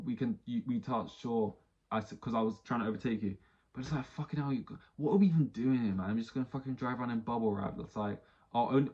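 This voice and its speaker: A man's voice: medium pitch, darkish tone, dull audio. A man hosting a podcast, ranting casually with lots of swearing and rambling restarts. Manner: rambling, heavy swearing, exasperated. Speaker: podcast host. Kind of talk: casual solo podcast rant.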